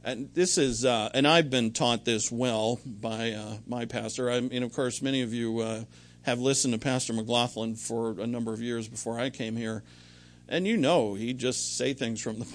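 A middle-aged man preaching a sermon in a conversational, rambling way, full of anecdotes and restarts. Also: mid-range voice. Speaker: pastor.

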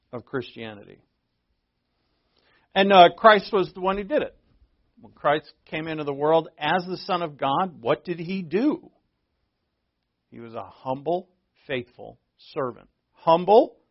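A man's voice: a little high, no room sound, lo-fi sound. A man preaching a verse-by-verse sermon as pastor, in a conversational, self-deprecating way with frequent fillers. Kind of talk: expository sermon.

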